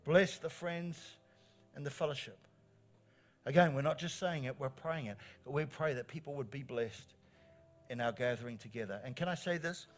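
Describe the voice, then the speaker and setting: A middle-aged man, preaching a sermon as pastor in an animated, encouraging way, repeating phrases for emphasis. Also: medium pitch, normal speed, faint music behind. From New Zealand.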